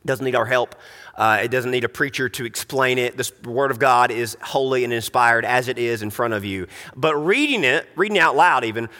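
A man's voice: mid-range voice, brisk, bright, forceful tone. Earnest preacher man in a reverberant hall. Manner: earnest, emphatic, with frequent restarts. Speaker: pastor. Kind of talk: sermon.

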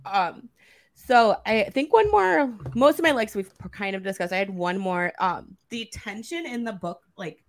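Woman cohost, mid pitch, thoughtful casual book chat. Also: expressive, measured pace. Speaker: podcast co-host.

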